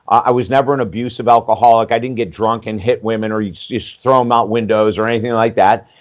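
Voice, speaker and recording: A man in his sixties, a life coach appearing as a podcast guest, tells his story quickly and candidly in a lowish voice over dull audio. He's animated, acts out the dialogue he quotes, says "you know" a lot, and swears casually.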